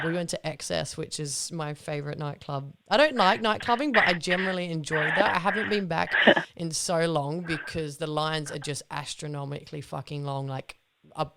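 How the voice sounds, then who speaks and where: A woman's voice: sits low, fairly bright tone, clear, resonant tone. A young woman hosting a podcast, telling a story in casual chat with lots of laughs and swearing. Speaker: podcast host.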